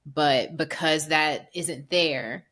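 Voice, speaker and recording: A woman hosting a podcast, talking in an animated, chatty way, often laughing and acting out what people say. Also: low-pitched, drawn-out words. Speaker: podcast host. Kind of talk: casual conversation.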